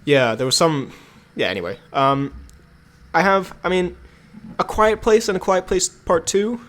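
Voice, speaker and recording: A man co-hosting a casual podcast in a voice a little high for a man. He rambles, trails off and leans on fillers as he talks. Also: a little slow, a bit bright. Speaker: podcast co-host. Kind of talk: casual chat.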